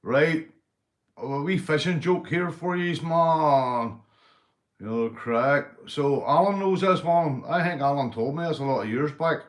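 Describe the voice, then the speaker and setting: A Northern Irish man hosting a livestream, telling crude jokes, swearing and shouting out viewers. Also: fairly high pitch, unhurried. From Northern Ireland. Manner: rowdy, swearing, joke-telling, reading viewer comments. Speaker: livestream host. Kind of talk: casual livestream chat.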